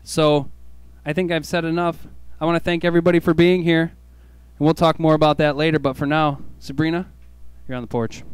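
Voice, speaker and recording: A man's voice: fairly high pitch, level tone, a little fast, smooth. A man hosting a radio show, telling a jokey, self-mocking story in a laid-back way. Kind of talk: comic storytelling monologue.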